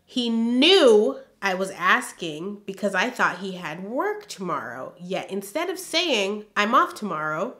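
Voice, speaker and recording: A woman with a bright, clear voice reads her old journal aloud for a storytime vlog. She stops often for emphatic, exasperated comments of her own. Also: mid-range voice, very animated, unhurried, hardly any pauses. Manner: emphatic, exasperated asides between read-out passages.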